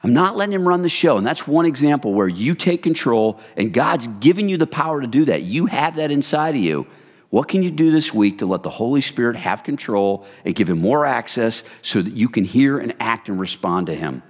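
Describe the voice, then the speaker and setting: A man preaching a sermon in a conversational, animated storytelling manner, often speaking directly to the congregation. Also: mid-range voice, fairly quick. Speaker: pastor. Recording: long hall reverb.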